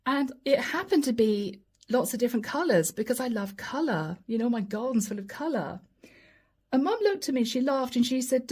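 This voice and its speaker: A woman's voice: a little high, moderate pace, breathy edge. A woman giving a chatty tarot reading to camera, slipping into quoted voices. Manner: lively, chatty, often acts out quoted voices and asides. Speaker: tarot reader.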